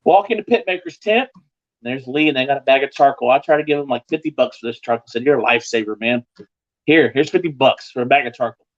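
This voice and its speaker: Appearing as a guest pitmaster on a live show, a man tells a story casually and talks fast, animated, his voice jumping higher when he acts out other people. The sound is lo-fi.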